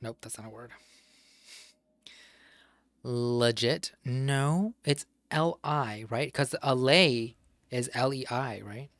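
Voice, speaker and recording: Talking quietly to himself during a game, this streamer spells out crossword answers letter by letter and lets slip the odd mildly frustrated curse. He speaks at medium pitch, slowly, with long pauses and a fairly bright tone. The recording is dry.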